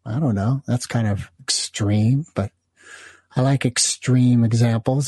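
A man's voice: medium pitch, unhurried, warm tone, slightly rough, no room sound. A man hosting a solo podcast, telling a story with rambling, self-aware asides. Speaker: podcast host.

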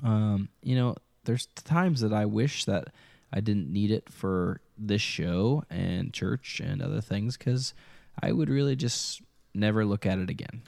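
A man's voice: lowish voice, unhurried, creaky, a little mellow, dry recording. A man co-hosting a podcast, chatting casually and rambling with lots of hesitations. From Midwest of the United States. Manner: rambling, hesitant with many ums. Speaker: podcast co-host. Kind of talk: casual chat.

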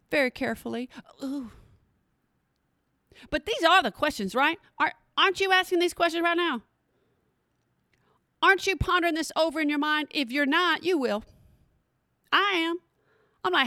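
A woman's voice: on the high side, fairly bright tone, dry recording, studio quality. A woman host telling a story with comic emphasis, talking straight to her listeners and pressing them to hear her out. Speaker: comedic host.

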